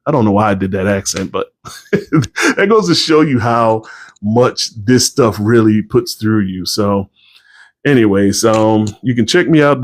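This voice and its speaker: A man's voice: on the low side, no room sound. A man, a novelist, chatting casually to viewers on a livestream, rambling and tired.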